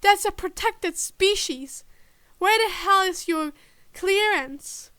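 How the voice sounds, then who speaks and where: A furious, protective young man shouts and demands, as a woman reading a story puts him on. The voice sits high and bright. The recording is close and dry. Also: slow, dry recording, heavily acted.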